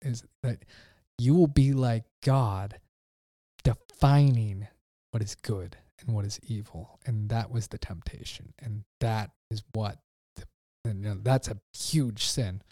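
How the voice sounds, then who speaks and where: A man, a pastor, talking casually on a podcast in a halting way with lots of fillers. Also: lowish voice, dark tone, no room sound. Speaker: pastor and podcast guest author.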